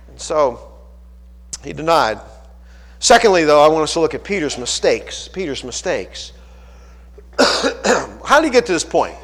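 A man's voice: fairly high pitch, sing-song, measured pace, long pauses, fairly bright tone, long reverb tail. A man from Pittsburgh, a pastor preaching a folksy sermon full of rhetorical questions.

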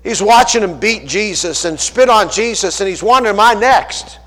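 A man's voice: sits high, animated, moderate pace, fairly bright tone, in a large hall. A man from Pittsburgh, a pastor preaching a folksy sermon full of rhetorical questions.

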